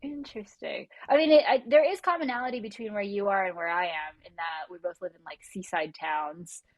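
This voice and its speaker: A woman's voice: medium pitch, fairly quick, dry recording, lo-fi sound. Bubbly Californian woman host. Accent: Californian American. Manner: bubbly, laughs often, chatty. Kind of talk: casual video-call chat.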